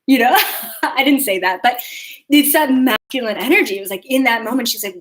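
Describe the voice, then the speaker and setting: A woman's voice: on the high side, brisk. A young adult woman hosting a spiritual live video, talking casually with lots of fillers and acting out her own thoughts in quotes. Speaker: spiritual podcast host.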